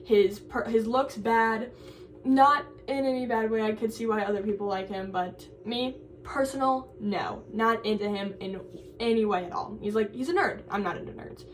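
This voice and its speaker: A woman's voice: on the high side, normal speed, recorded from a distance, slight background noise. A young woman, a college student, chatting casually in a vlog and rambling through a story with lots of "like.". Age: young adult.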